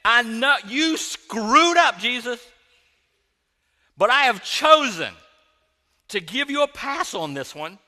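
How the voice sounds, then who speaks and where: Man doing a shrill scolding woman, very high and loud, slow exasperated drawl, bright and sharp. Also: big pitch swings, long reverb tail, full character voice. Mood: indignant, sarcastic. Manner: shrill, drawn-out, exasperated emphasis. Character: indignant sarcastic grieving woman scolding.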